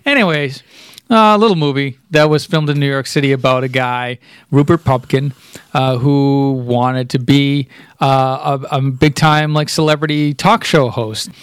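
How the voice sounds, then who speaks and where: A man co-hosting a podcast, telling stories in a relaxed, casual way. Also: medium pitch, smooth, no echo, clean studio sound. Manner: storytelling, relaxed anecdotes. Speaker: podcast co-host. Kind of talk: casual chat.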